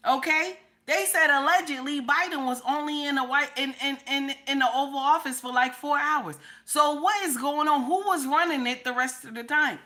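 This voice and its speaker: A high-voiced woman hosts a livestream. She has a cold and coughs between sassy, repetitive, profane remarks. Her voice is bright and sharp. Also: normal speed, hardly any pauses. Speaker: commentary host. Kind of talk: livestream commentary.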